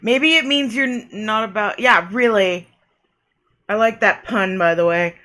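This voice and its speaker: Bright-voiced woman streamer ranting. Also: medium pitch, unhurried. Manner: reads game narration aloud, then rants and swears in frustration. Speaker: game streamer. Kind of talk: live gameplay commentary.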